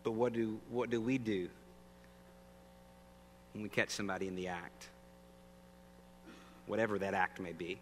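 A man's voice: on the low side, level tone, normal speed, pauses often. A man preaching a sermon in a conversational way, often asking the audience questions. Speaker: pastor. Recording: long reverb, faint hum.

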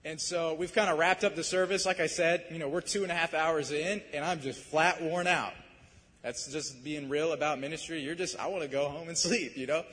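A man preaching, telling a story in a casual, animated and self-deprecating way. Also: fairly high pitch, moderate pace, husky, big-room sound. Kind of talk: sermon storytelling.

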